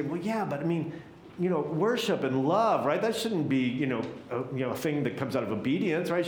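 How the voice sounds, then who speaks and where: A middle-aged male pastor preaching a sermon in a relaxed, conversational way, often checking in with "right?". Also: medium pitch, echoey room, a little hiss or hum, rough recording. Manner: conversational, keeps asking "right?". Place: church.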